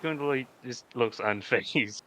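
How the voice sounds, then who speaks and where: A man's voice: mid-range voice, unhurried, sharp tone, slight background noise. A man playing a tabletop game, talking in an easygoing, jokey way. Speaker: player. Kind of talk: casual tabletop role-play.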